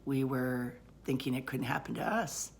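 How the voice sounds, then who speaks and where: Low-pitched woman recounting a personal story, lively and rambling, frequent ums. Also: moderate pace, creaky, slight background noise. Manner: animated, rambling retelling with many fillers. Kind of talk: personal story told aloud.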